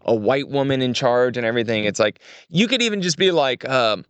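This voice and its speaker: A young adult man, chatting casually as a podcast guest, animated and acting out quotes with big pitch jumps. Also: brisk, clean tone, dry recording. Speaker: creative director, guest.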